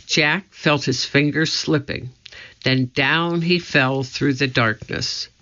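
A male audiobook narrator builds suspense through a children's storybook, reading slowly and deliberately in a steady, mid-range voice that is bright with a gravelly grain. The audio comes across as dull and lo-fi.

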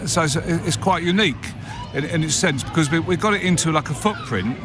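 An older man, a theme park owner, chatting casually in an interview, hesitant and quick to laugh. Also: fairly high pitch. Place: outdoor amusement park. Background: music and ride noise.

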